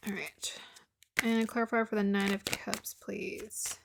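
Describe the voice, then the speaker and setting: A woman's voice: medium pitch, level tone, unhurried, creaky, background noise. Chatty woman reading tarot aloud. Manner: chatty, musing aloud, laughs often, drops to murmurs. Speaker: tarot reader. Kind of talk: casual tarot reading to viewers.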